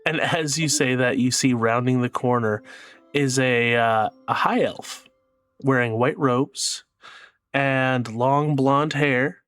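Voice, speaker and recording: A man narrating a tabletop game as game master, in a relaxed, unhurried way. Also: mid-range voice, no echo, soft background music.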